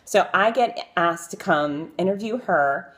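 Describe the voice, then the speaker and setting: A woman talks to her viewers in a loose, live-stream style, spinning anecdotes full of fillers and restarts. Her voice sits a little low, but she jumps up high when she acts out what people said. She pokes fun at herself throughout. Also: a little slow. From Florida. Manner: chatty and animated, acting out quotes in a high voice; self-deprecating with frequent fillers. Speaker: vlogger telling stories of celebrity interviews. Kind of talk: casual live-stream storytelling.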